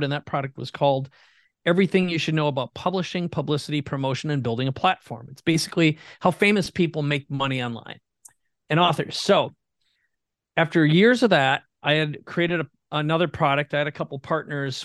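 A man from Minnesota telling his story as a guest entrepreneur in an earnest, animated way. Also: on the high side, no room sound, clean studio sound. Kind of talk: conversational storytelling.

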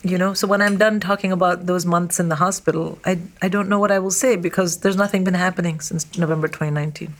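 A woman talks candidly as a comedian guest over a lunch interview. Her voice sits on the low side for a woman, and she tells stories bluntly, with lively quick asides. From India. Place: at a restaurant table over lunch.

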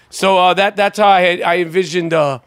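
A man's voice: high-pitched, fairly bright tone, clear, resonant tone, no room sound. A man co-hosting a podcast in casual chat, profane and full of stumbling restarts. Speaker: podcast co-host.

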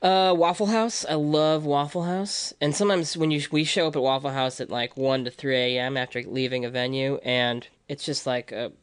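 A man in his late thirties talks casually as a podcast guest, rambling through stories in a self-deprecating way. His voice is smooth and resonant. The recording is close and dry, with no room sound. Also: medium pitch, steady tone, normal speed, few pauses, fairly bright tone, no echo. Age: 30s. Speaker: touring comedian guest.

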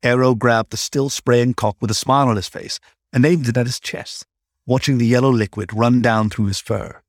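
A man narrating a scripted story at a calm, even storytelling pace. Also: mid-range voice, moderate pace, no echo, studio quality.

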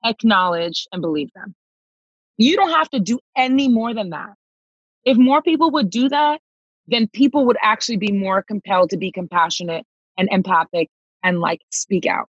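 A woman's voice: medium pitch, a bit bright, breathy edge, no echo, dull audio. A woman, a touring singer, telling a personal story emphatically and acting out the dialogue. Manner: emphatic, reenacts dialogue, calls listener girl.

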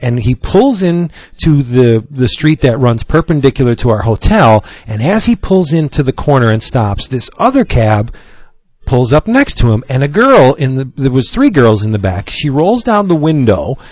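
Animated man telling a story. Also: medium pitch, normal speed, no echo. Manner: animated anecdote-telling, laughs often. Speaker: podcast co-host. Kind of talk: casual storytelling chat.

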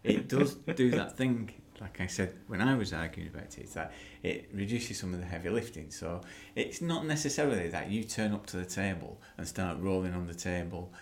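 A man's voice: deep voice, brisk, hardly any pauses, slight background noise. Chatty man who laughs easily. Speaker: podcast co-host. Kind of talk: casual podcast chat.

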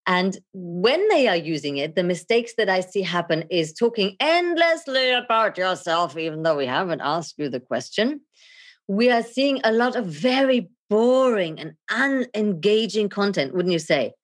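Animated middle-aged lady coach, laughs a lot, big theatrical swings in her voice on a podcast. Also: mid-range voice, moderate pace. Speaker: guest, video and leadership coach. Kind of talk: podcast interview.

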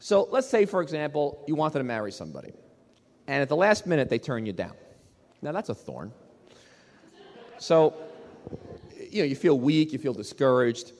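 A man preaching a sermon from the pulpit, his pitch running a little high and swinging widely as he presses home each point. He repeats key phrases for emphasis and asks questions of the congregation. The sound carries a long reverb from a large hall. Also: sing-song, moderate pace, pauses often, a little mellow. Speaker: pastor.

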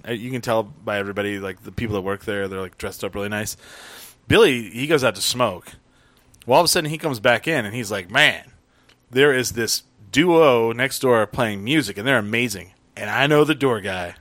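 A man's voice: on the low side, moderate pace, no room sound. A man telling a story in casual chat, acting out the people he quotes. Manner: animated, acts out quotes with squeals.

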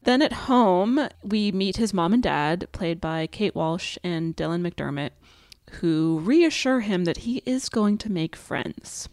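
A woman co-hosting a podcast, giving steady plot summaries with wry asides. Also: lowish voice, takes it slowly, dry recording, studio quality. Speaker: podcast co-host. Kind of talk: podcast plot recap and chat.

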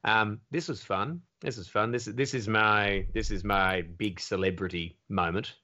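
An Australian man talks in a low voice, spinning animated anecdotes and swearing freely as a comedy podcast guest. The audio is dull and lo-fi. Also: measured pace. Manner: animated storyteller, swears freely, acts out quotes. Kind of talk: casual podcast chat.

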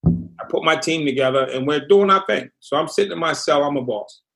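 Brief: middle-aged man, slightly high voice, lively first-person storytelling guest. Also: brisk, vocal fry, soft background music. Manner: animated storyteller, acts out quotes. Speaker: podcast guest. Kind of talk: storytelling interview.

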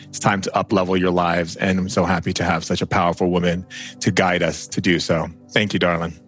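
A man's voice: low voice, flat delivery, fairly quick, a bit bright, faint music behind. A man hosting a podcast, closing an interview with effusive, gushing praise for his guest. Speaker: podcast host. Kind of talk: warm interview wrap-up.

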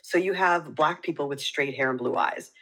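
A woman with a New York accent, a podcast guest talking in an earnest, animated way. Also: deep voice, normal speed, rough recording. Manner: earnest, animated, laughs easily. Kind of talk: casual chat.

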